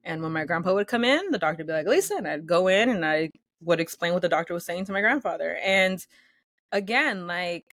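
Woman guest, casual interview chat; lively, filler-heavy delivery, close dry mic. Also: lowish voice, a little fast, no room sound. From United States, first-generation Salvadorian. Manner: animated, chatty, many fillers, acts out quotes.

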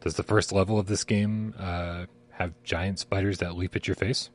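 Sirens outside underscore a man co-hosting a live gaming stream in a low-pitched, level voice at a moderate pace. As a podcast co-host, he rambles, swears casually and often breaks into laughter.

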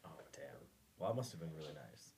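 A man hosting a podcast, asking his guest questions in a relaxed way, with casual swearing. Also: extremely low pitch, fast talker, slight background noise. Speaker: podcast host. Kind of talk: casual chat.

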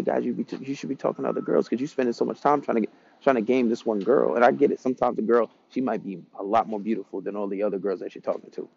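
A man's voice: mid-range voice, gravelly, mellow, slightly rough, muffled recording. A man giving dating advice in a casual, rambling monologue, blunt and profane as he tells stories.

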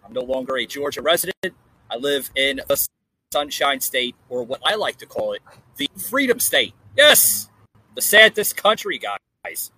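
Husky, bright-voiced man hosting a podcast. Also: mid-range voice, sing-song, unhurried, low-quality recording. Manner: hesitant, many fillers and restarts. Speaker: podcast host. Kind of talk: casual political podcast chat. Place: outdoor porch in a hot climate.

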